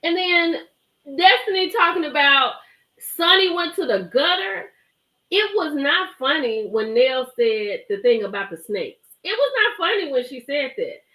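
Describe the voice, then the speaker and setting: Pitched high and delivered at a measured pace, this woman's voice belongs to a live stream host gossiping about a reality show. She's animated, emphatic, and chatty, greeting her viewers as she goes. The recording has a roomy echo.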